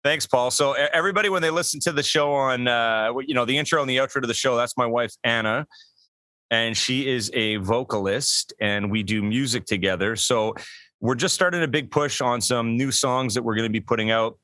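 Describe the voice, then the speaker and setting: Upbeat bright-toned podcast man. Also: mid-range voice, fairly quick, dry recording. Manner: upbeat, promotional, joking. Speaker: podcast co-host. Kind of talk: casual chat.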